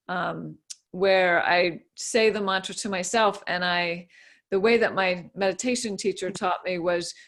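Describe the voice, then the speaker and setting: A woman's voice: medium pitch, fairly bright tone. Chatty woman explaining meditation. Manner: easygoing, many fillers and restarts. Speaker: guest speaker. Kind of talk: casual explanatory talk.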